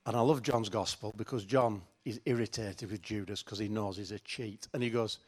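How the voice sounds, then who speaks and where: A man's voice: lowish voice, normal speed, hardly any pauses. A middle-aged man preaching a sermon in a chatty, joking, self-mocking way. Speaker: pastor.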